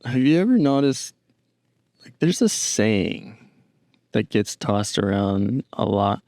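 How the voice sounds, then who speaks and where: A man's voice: on the low side, sing-song, takes it slowly, a little mellow, dry recording. A man hosting a podcast, rambling dryly on his own and talking to his pet. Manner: rambling, dry, talks to a pet. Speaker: podcast host. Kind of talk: casual solo chat.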